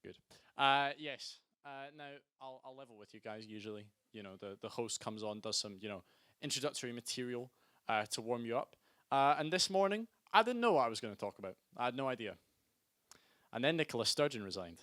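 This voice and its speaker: A young Scottish man hosting a student stand-up night, chatty and self-deprecating, hyping the crowd in loud bursts. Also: medium pitch, animated, fairly quick, dry recording, studio quality. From Scotland. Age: young adult. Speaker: stand-up host and compere. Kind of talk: live stand-up comedy. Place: student comedy night venue.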